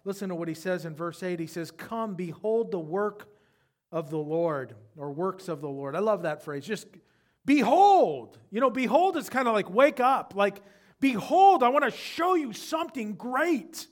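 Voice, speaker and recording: A male pastor preaching a sermon, dropping to a hush and then rising to loud, impassioned lines. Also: high-pitched, lively intonation, moderate pace.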